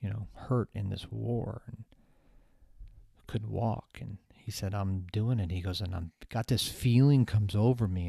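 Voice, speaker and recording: A man hosting a podcast, giving a motivational talk with lively storytelling that swings between loud emphasis and hushed asides. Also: on the low side, unhurried, gravelly, no echo, studio quality. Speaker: podcast host.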